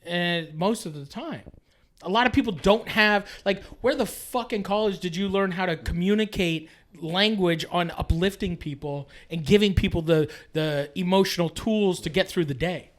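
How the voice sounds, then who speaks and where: A man from Canada in his late thirties, talking as a guest on a podcast. His voice sits high for a man. He rambles and restarts, swears a lot and leans on "like" constantly. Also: normal speed. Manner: rambling and profane, full of filler "like"s. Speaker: guest chef. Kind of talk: casual podcast chat.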